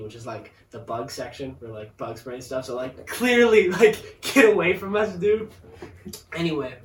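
A man in casual chat, telling an animated story about work, acting out quotes and laughing often. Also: a little high. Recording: roomy echo, far from the mic, faint noise.

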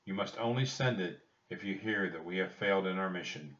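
A man's voice: low voice, fairly quick, a bit bright, highs cut off. A man voicing a stern, grave army captain who gives orders firmly, recorded from a distance in a roomy space. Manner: stern and commanding.

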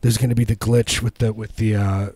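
A man with a low, mellow voice riffs through absurd stories in a casual comedic chat. He restarts his sentences often and breaks into squeaky voices when quoting people. The sound is close and dry. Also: little pitch movement, brisk, slightly rough, dry recording. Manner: rambling, absurd storytelling with many restarts; jumps into high squeaky voices for quoted people.

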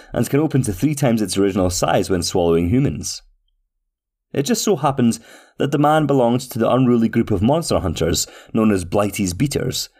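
A pompous restaurant manager reads his own letter in a man's voice, formal, flowery and overly courteous. The voice sits a little low. He keeps a steady storybook tone. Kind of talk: scripted reading of a letter.

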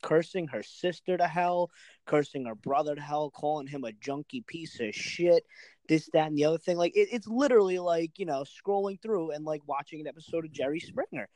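A young man co-hosts a podcast, ranting and mocking in casual, profane banter. His voice sits a little high. The recording is dry and close. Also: fairly quick, no room sound. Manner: animated ranting, mocking, frequent laughter. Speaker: podcast co-host.

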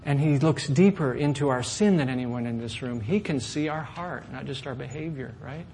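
A man preaching a sermon to a congregation, lively and often asking questions of his listeners. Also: medium pitch, moderate pace, a little hiss or hum. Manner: animated, asks the audience questions. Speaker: pastor.

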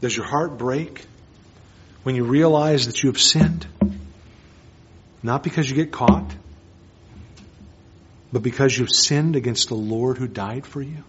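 A man preaching a sermon as pastor, earnest, moving between hushed and emphatic lines. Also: medium pitch, a little slow, pauses often. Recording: dull lo-fi sermon recording.

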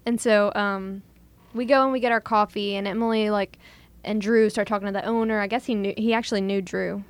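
A woman's voice: mid-range voice, fairly even intonation, a little fast, dry recording. A young woman, chatting casually and acting out what others said as she tells a story. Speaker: guest telling a proposal story. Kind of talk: casual chat.

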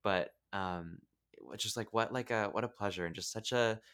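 A man hosting a podcast, gushing warmly over his guest with many fillers and restarts. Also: lowish voice, normal speed, clear, resonant tone. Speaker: podcast host. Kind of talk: casual podcast chat.

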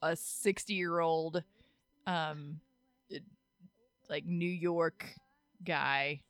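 A woman in casual chat with a friend, relaxed and talkative, laughing often. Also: low voice, very slow, clear, resonant tone, no room sound, soft background music.

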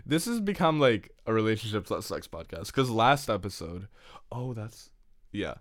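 A male podcast host with a fairly low voice, joking, giggling and rambling through casual chat. The sound is dry and close, with no room echo. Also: very animated, moderate pace.

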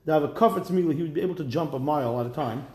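In a Talmud class lecture, a man translates each phrase and then retells it as a lively story packed with wry asides. He talks rapid-fire in a slightly high voice, and the room adds a noticeable echo.

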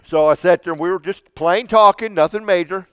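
A man's voice: high voice, brisk, fairly bright tone, clean tone, no echo. A man casually telling a long personal story, rambling and repeating himself with frequent restarts.

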